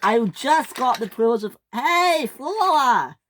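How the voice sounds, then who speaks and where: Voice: medium pitch, animated, measured pace, slight background noise, pitched above the performer's own voice, close to an everyday voice. A performer voicing a boastful, hotheaded young male train engine in a toy train story. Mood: excited, whiny. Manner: whiny, shouts often.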